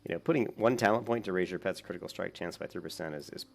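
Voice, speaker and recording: Low gravelly man rambling over gameplay. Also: quick pace. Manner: rambling, with many fillers. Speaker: gaming YouTuber. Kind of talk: casual gameplay commentary.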